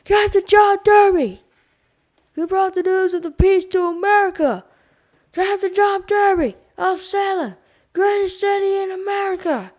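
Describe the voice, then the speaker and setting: A woman voicing a crowd of rowdy sailors, yelling their answers from a street celebration in a storybook reading. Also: very high-pitched, unhurried, pitched above the performer's own voice. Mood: rowdy shouting.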